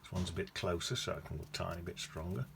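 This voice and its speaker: Deep guy talking thru a watercolour demo, muttering and fixing his words as he goes, bit of noise behind. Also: fairly even intonation, fast talker, gravelly, a bit bright. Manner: chatty, thinking aloud while painting, self-correcting. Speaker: watercolour painting teacher. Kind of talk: casual painting demonstration. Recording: noticeable background noise.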